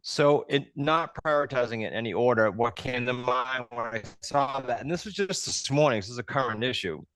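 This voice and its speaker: A man's voice: mid-range voice, brisk, a bit bright. A man hosting a live group coaching call, explaining things step by step in a conversational way.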